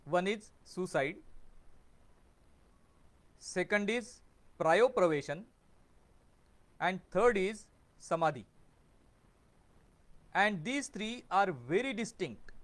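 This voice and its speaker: A man, hosting a video series and explaining tradition in measured, deliberate phrases. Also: high-pitched, expressive, fairly bright tone. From India. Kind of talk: explanatory talk to camera.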